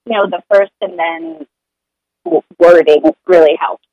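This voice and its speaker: In a casual podcast conversation, a woman earnestly shares her potty-training experience as a parent, rambling a little and slipping into sing-song voices when repeating what she tells her child. Her lowish voice is warm and lively at a moderate pace, captured on lo-fi audio.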